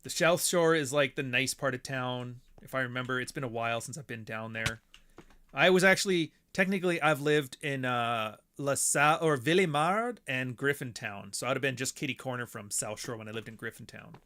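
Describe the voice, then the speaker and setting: A man's voice: mid-range voice, brisk, sharp tone, slight background noise. A man streaming a block-building game, chatting casually with friends and rambling with plenty of swearing. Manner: rambling, profane, laughs often. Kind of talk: casual chat while playing a game.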